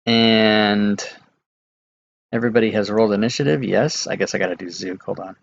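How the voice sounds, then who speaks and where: A man running a tabletop game as dungeon master, reading out scenes in a relaxed, halting way with many fillers. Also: lowish voice, vocal fry. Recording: dull lo-fi mic.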